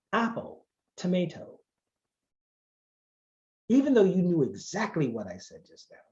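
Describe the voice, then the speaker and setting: A man's voice: on the high side, dark tone, highs cut off. Emphatic man lecturing. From Charleston, South Carolina. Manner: emphatic, conversational, wry asides. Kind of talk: guest lecture.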